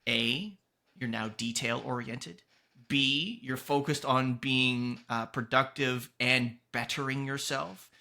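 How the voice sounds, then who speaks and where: A man's voice: mid-range voice, fairly even intonation, slow, vocal fry, bright, forceful tone. A man hosting a podcast, giving earnest, emphatic motivational advice in a casual tone and swearing now and then. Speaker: podcast host and coach.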